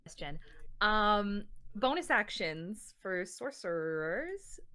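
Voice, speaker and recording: Lively, bright woman player cheering her rolls. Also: medium pitch, unhurried. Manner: upbeat, cheering herself on. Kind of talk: casual tabletop game play.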